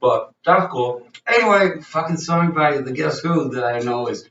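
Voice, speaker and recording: A man's voice: on the high side, normal speed, fairly bright tone. A middle-aged man from the Upper Peninsula of Michigan, a band member chatting casually with a friend, swearing and laughing often. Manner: profane, laughing, joking banter. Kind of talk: casual chat. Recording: echoey, distant, dull with faint noise.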